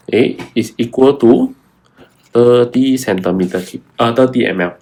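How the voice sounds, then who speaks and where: A man's voice: medium pitch, normal speed, gravelly, a little mellow. A young adult man, walking through a science exam paper and stressing key words again and again. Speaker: science tutor. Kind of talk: exam walkthrough lesson.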